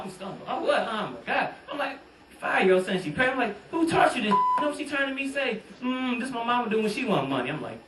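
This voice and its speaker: Bright-voiced comic on stage. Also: male voice, high voice, distant mic, slight background noise. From Detroit. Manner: loose, bantering, talks straight to the crowd. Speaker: stand-up comedian. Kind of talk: stand-up comedy set. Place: comedy club stage. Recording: roomy club sound, mic set back.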